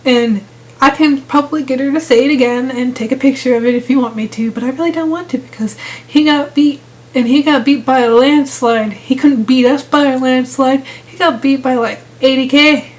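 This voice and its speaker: A woman's voice: high voice, fairly even intonation, moderate pace, rough recording. Sarcastic young woman ranting about gaming drama. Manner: exasperated, sarcastic, rambling with restarts. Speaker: gaming vlogger. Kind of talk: casual ranting vlog.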